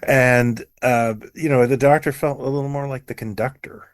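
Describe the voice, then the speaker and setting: A man co-hosting a podcast in casual chat, halting and hedging as he talks. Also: mid-range voice, steady tone, clean tone, no room sound, studio quality. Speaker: podcast co-host.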